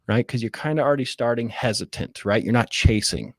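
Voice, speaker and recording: A man's voice: medium pitch, brisk, few pauses, dry recording, studio quality. A man, a real estate wholesaler, explaining in casual interview talk how he makes sales calls, acting out sample lines and asking "right?" again and again. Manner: acts out sample phone scripts, says "right?" often.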